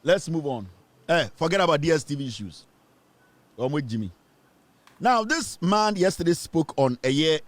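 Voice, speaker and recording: A man's voice: on the high side, sing-song, moderate pace, pauses often, no room sound. A Ghanaian man hosting a political commentary show, ranting and mocking as he switches between English and Twi.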